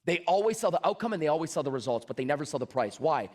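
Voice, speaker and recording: Guy with a high voice doing a sales pep talk, acts out the back-and-forth, really punchy. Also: rapid-fire. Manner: animated, acts out both sides of dialogues; emphatic, repeats key phrases. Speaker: sales speaker. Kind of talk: motivational talk with storytelling.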